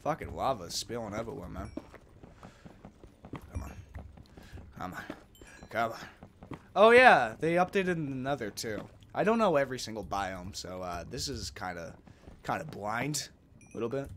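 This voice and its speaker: A young man doing casual let's play commentary, talking to himself and swearing a lot, swinging from mumbles to loud outbursts. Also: medium pitch, big pitch swings, normal speed, long pauses, a little hiss or hum. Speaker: gamer.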